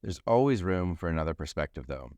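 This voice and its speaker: A man's voice: low voice, animated, quick pace, a little mellow, no echo, clean studio sound. A man hosting a solo podcast, a financial advisor talking in a chatty, jokey way. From New Zealand. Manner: chatty and jokey, food metaphors. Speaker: podcast host.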